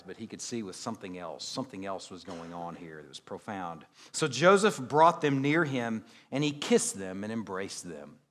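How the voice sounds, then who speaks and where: A male pastor preaching a sermon, reading scripture and explaining it with casual, joking asides, his loudness swinging widely. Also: medium pitch.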